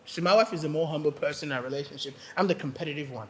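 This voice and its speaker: With a long reverb tail trailing his words, a pastor preaches in a church hall, his voice a little high and very fast with few pauses. He tells a funny personal story, acts out quoted voices, and laughs often.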